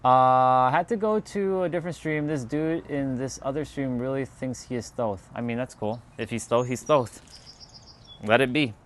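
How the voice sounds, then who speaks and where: A man's voice: mid-range voice, moderate pace. A man from Canada, chatting casually on a livestream, rambling and restarting his words as he answers chat. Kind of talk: casual live-stream chat.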